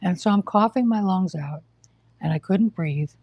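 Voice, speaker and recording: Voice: mid-range voice, normal speed, no room sound, muffled recording. A live-stream host, short of breath and coughing, telling of hospital care in a blunt, exasperated, lecturing way. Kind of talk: casual live-stream monologue.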